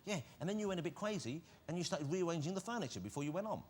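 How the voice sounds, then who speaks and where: Man, talk show host, teasing banter, animated pitch, slightly high voice. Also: racing, slight background noise.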